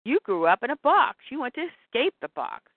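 A woman's voice: sits high, sing-song, brisk, no echo, phone-quality sound, exaggerated voice. A woman voicing a headstrong, practical warrior wife who talks insistently and lectures. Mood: lecturing.

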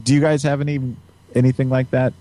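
A man's voice: mid-range voice, little pitch movement, fast talker, warm tone. A man hosting a podcast, rambling and joking with a giggly, casual manner. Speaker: podcast host. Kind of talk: casual chat.

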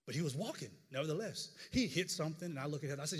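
A middle-aged man, a pastor, preaching a sermon with animated storytelling and stammered repeats. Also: fairly high pitch, very fast, breathy edge. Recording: long hall reverb.

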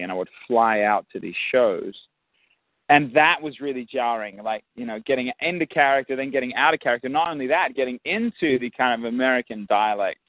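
A man's voice: medium pitch, dry recording. Australian male guest, reflective and restarting, on a dry phone-line recording. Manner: thoughtful, many restarts. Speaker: musician and actor, guest. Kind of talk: casual interview.

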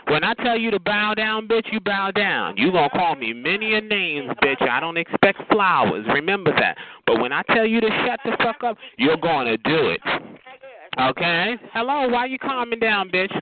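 A man with a high-pitched voice and big pitch swings talks at normal speed, aggressively trash-talking on a phone chat line. The line is tinny with loud hiss, and his sassy taunts keep coming back to "bitch" and "honey."

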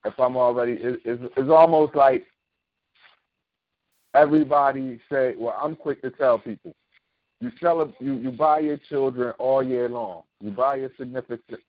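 A man's voice: medium pitch, dry recording. A man hosting a casual talk show, explaining his views emphatically and often asking "you know what I mean?". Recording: thin phone-like sound.

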